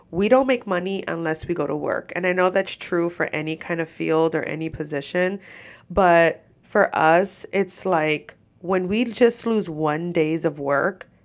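A woman with a lowish voice, congested and short of breath, hosts a podcast. She talks into a microphone while seated, swearing freely and laughing through a casual rant.

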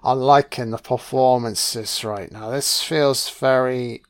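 A man's voice: medium pitch, steady tone, slow. A man giving casual watch-along film commentary, swearing freely and talking back at the screen. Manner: profane, reactive, talks back at the screen.

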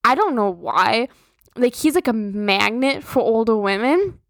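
A woman's voice: a little high, lively intonation, unhurried, dry recording. A young woman, hosting a podcast and venting casually, full of swearing and filler words. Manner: profane, rambling, filler-heavy. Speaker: podcast host.

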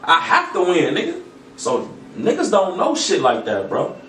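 A man who is a guest battle rapper, telling stories in a casual podcast chat, animated and swearing a lot. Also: high-pitched, normal speed. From Toledo, Ohio. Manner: animated, swears a lot, acts out quoted voices. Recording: echoey room, mic far off, faint noise.

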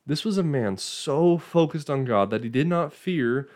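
A man's voice: fairly high pitch, animated, a little slow, a little mellow. A man giving an informal Bible teaching in a conversational way, often checking in with "right?" and restarting phrases.

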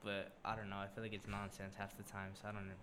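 Low-key young man, podcast guest. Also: completely flat delivery, fast talker, crowd noise. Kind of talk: casual chat. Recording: faint background noise.

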